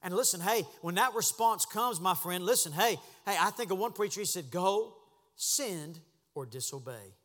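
Pastor preaching, high bright voice, goes from hushed to shouting, echoey church hall. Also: male voice, fairly quick, few pauses. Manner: impassioned, swings from hushed to shouting. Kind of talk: sermon. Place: church sanctuary.

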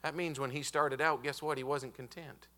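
A man preaching a revival sermon as a visiting preacher, emphatic and stretching out key words, building up to shouted peaks in a church auditorium. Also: mid-range voice, steady tone. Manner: emphatic, building to shouted climaxes with drawn-out stresses; often says "hey, listen" to the congregation.

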